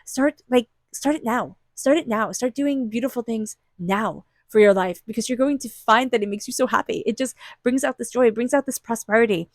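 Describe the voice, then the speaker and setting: A woman's voice: a little high, a little fast, hardly any pauses, no echo, clean studio sound. A woman giving an intuitive tarot reading, talking in an earnest, repetitive and emphatic way, full of spiritual encouragement. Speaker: tarot reader.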